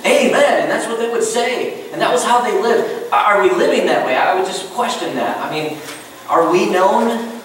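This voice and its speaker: High-voiced pastor in an echoing church. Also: male voice, lively intonation, normal speed. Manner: conversational, asks the room many questions. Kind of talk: sermon. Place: church sanctuary. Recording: very echoey hall, voice a bit distant, faint noise.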